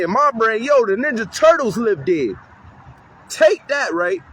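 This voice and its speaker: A man's voice: very high-pitched, fairly bright tone, a little hiss or hum, low-quality recording. A man who works with youth, talking casually and animatedly outdoors on a city street corner, swearing freely and acting out kids' voices. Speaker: community youth worker. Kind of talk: street interview talk.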